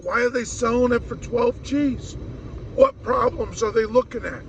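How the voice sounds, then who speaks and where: High-voiced man ranting casually. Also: normal speed, creaky, a little hiss or hum, low-quality recording. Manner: rambling, wry, mimics other people mid-story. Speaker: vlogger. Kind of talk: casual rant to camera.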